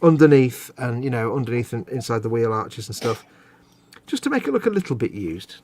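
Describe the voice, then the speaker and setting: A man's voice: medium pitch, sing-song, a little fast, background noise. A middle-aged man, hosting a late-night model-building live stream in rambling, self-mocking chat. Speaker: host.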